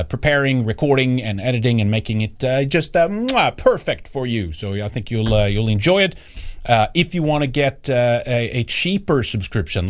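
A man hosts a casual livestream. He talks in a halting way, full of fillers and restarts. His voice sits at a middle pitch. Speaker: co-host.

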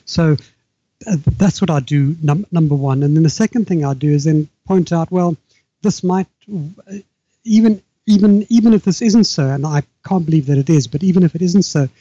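An older man from Africa, speaking as a guest author in a halting, measured way with frequent restarts. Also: a little high, dark tone, no echo, dull audio. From South Africa. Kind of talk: remote interview conversation.

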